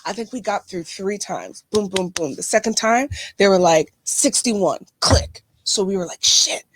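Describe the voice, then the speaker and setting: A young woman co-hosting a podcast, telling a story with lively acted-out voices, laughing and swearing casually. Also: medium pitch, measured pace, slight background noise. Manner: acts out the dialogue in her stories, laughs often, swears casually. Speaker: podcast co-host. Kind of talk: casual chat, animated storytelling.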